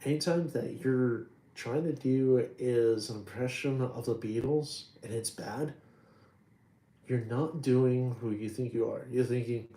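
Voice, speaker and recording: A man talking casually about his drawings, halting with many ums and restarts and trailing off quietly. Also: mid-range voice, roomy sound, slight background noise, rough recording. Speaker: artist showing his drawings. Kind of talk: rambling casual talk.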